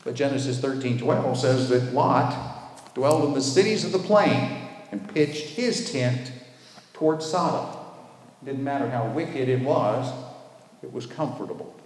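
A man's voice: mid-range voice, darkish tone. Man preaching in an echoey church hall. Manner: emphatic, drawing out key words slowly. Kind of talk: sermon. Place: church with a responding congregation. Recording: echoey hall with faint background noise.

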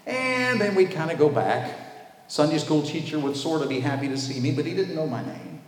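A man preaching a sermon in a church while the congregation answers him, leaning hard on key words and drawing them out slowly. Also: a little high, big pitch swings. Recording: echoey hall with faint background noise.

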